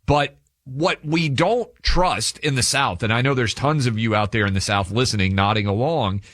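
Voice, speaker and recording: A man's voice: medium pitch, normal speed, fairly bright tone, no echo, studio quality. A man from Tennessee co-hosting a radio talk show, emphatic and opinionated, often repeating phrases. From Tennessee, USA. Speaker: radio co-host. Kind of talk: casual radio banter. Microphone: studio microphone.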